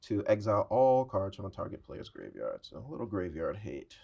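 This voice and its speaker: A man's voice: low voice, huge pitch swings, a little fast, creaky, a little mellow, husky, muffled recording. A man playing a tabletop card game, steadily walking through his turn and reading card text aloud. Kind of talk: casual tabletop play.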